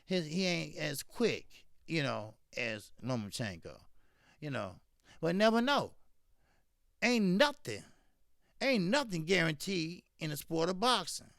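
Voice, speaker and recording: A man's voice: on the high side, big pitch swings, measured pace, vocal fry, fairly bright tone, no echo, studio quality. A man hosting a boxing talk stream, ranting fiercely with lots of repetition and profanity while greeting his chat. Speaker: boxing talk show host. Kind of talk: live-stream commentary, reading chat.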